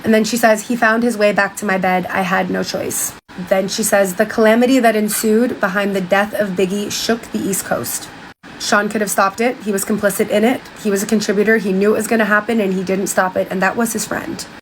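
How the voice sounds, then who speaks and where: A woman's voice: mid-range voice, steady tone, fairly quick, slight background noise, low-quality recording. A young woman casually retelling a story, quoting each person with "she's like" and "he's like" and swearing now and then. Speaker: TikTok commentator.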